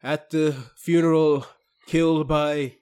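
A man voicing a solemn male holy priest leading funeral prayers, intoning slowly and drawn-out. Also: on the high side, level tone, a little mellow, clean tone.

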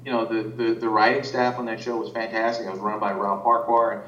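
Heard from a distance, the audio is roomy and muffled with a faint rumble underneath. The speaker, an animation director, talks fast with a flat delivery and fairly bright tone, rambling casually in an interview with frequent restarts and fillers.

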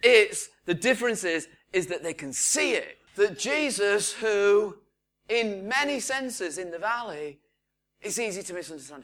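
A man preaching a sermon, retelling the story with lively quoted voices. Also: high-pitched, measured pace.

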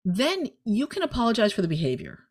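Lively, candid woman giving parenting advice. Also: fairly high pitch. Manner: lively, candid, rapid bursts with frequent "right?". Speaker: podcast co-host, parenting guest. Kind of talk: casual conversational advice.

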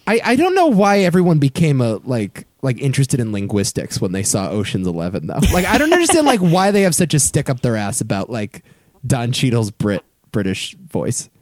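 A man co-hosting a casual film podcast, talking in an exasperated, lively way and swearing freely. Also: medium pitch, fairly quick, no room sound, studio quality. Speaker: podcast co-host.

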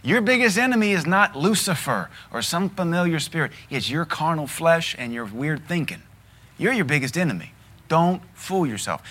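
A man's voice: on the high side, expressive, moderate pace, bright, forceful tone. A middle-aged man with a Southern US accent, preaching a sermon in a blunt, emphatic way with lots of repetition. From American South. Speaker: pastor.

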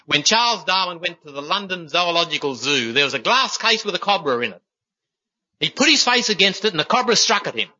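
A man's voice: high voice, animated, fairly quick, bright, forceful tone, lo-fi sound. A man preaching a sermon in an earnest, folksy way, telling stories and calling his listeners "my friends.".

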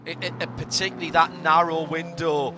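A man's voice: a little high, flat delivery, a little fast, background noise. A man commentating on a race broadcast, chatting and handing off to his colleagues.

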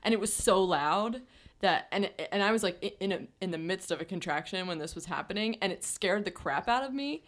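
A young woman telling a story in a relaxed chat, full of fillers and frequent laughs. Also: mid-range voice, a little fast. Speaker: podcast co-host.

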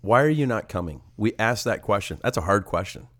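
An older man co-hosting a ministry podcast as an evangelist, talking casually, posing animated rhetorical questions with a slightly congested nose. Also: lowish voice, fairly quick. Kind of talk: casual chat.

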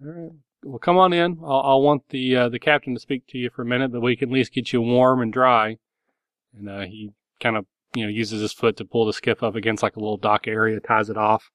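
A man's voice: medium pitch, steady tone, brisk, fairly bright tone, dry recording. A man narrating a tabletop game as game master, loose and rambling with many fillers.

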